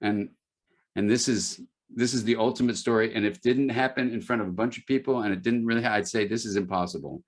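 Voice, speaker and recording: A middle-aged author appears as a guest in a webinar conversation, talking fast in a lowish, steady voice. He tells stories, restarting frequently and using lots of fillers.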